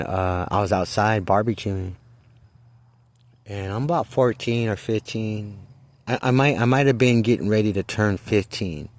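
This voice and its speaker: Deep-voiced man telling a blunt story. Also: a little mellow. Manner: rambling and blunt, with frequent restarts and swearing. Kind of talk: casual personal storytelling.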